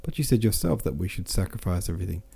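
A man's voice: deep voice, very animated, quick pace, gravelly, mellow, breathy edge, dry recording, heavily acted. A man doing an insistent teenage boy. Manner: insistent, pleading. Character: teenage boy, eager, voice breaking.

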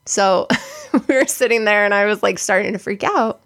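Young woman, podcast co-host, gravelly edge, chatty storytelling, lots of "like". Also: medium pitch, moderate pace, fairly bright tone. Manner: chatty, many "like" fillers. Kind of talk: casual chat, storytelling.

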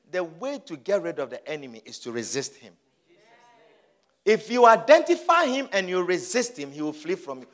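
A man's voice: sits high, a bit bright. A man preaching a sermon, urging his listeners with emphatic, repeated exhortations.

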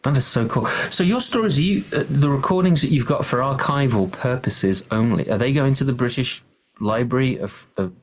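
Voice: medium pitch, a little fast. An interviewer chatting casually, hesitant with restarts and laughing often. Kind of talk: conversational interview.

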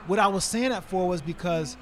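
A man in his forties talks as a podcast guest, sitting back and telling stories with plenty of fillers. His voice sits fairly high for a man, and he gets animated whenever he acts out a scene. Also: a little fast. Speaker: guest, retired fighter. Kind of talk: casual storytelling in conversation.

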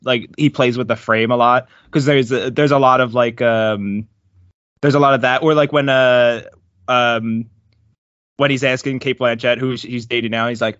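Man, mid pitch, hesitant chat, dry dull recording. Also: steady tone, moderate pace, fairly bright tone, no echo. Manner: hesitant, many fillers. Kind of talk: casual film chat.

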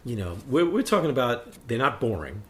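A man co-hosting a casual chat, an animated storyteller who acts out quotes and laughs often. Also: mid-range voice, a little fast. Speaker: podcast co-host.

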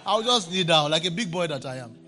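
High, lively laughing male preacher. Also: a little fast. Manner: playful, shouting and laughing preacher. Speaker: pastor. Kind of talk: sermon.

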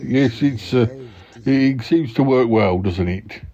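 A man's voice: medium pitch, slow pace, warm tone. A man hosting an improvised comedy podcast, hesitant and polite, often stammering. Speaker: podcast host. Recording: dull lo-fi recording.

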